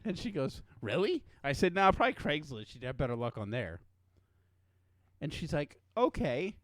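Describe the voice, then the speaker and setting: A man's voice: mid-range voice, very animated, normal speed, fairly bright tone, dry recording. A man co-hosting a casual podcast, telling a profane story and acting out the people in it. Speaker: podcast co-host.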